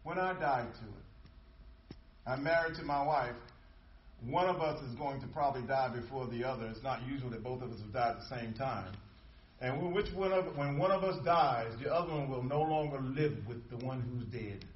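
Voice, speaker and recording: A man's voice: medium pitch, brisk, reverberant, far from the mic, dull audio, a little hiss or hum. A male pastor preaching a sermon, emphatic and repetitive, drawing call-and-response from the congregation.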